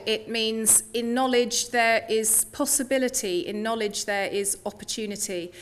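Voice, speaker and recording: A woman's voice: on the high side, measured pace, slight background noise. Playful woman chancellor addressing graduates. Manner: playful, joking, warm to the audience. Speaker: university chancellor. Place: large hall.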